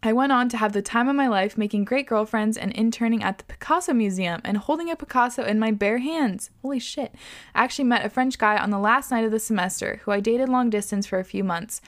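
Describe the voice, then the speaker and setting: A woman hosting a podcast, reading listener stories aloud in an expressive way, swearing and laughing often. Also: a little high, fast talker. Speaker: podcast host.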